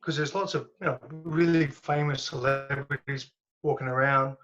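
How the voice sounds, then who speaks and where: A man, a guest and former professional fighter, telling stories in a casual, animated way, laughing and swearing as he goes. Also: medium pitch, normal speed, highs cut off. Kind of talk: casual storytelling.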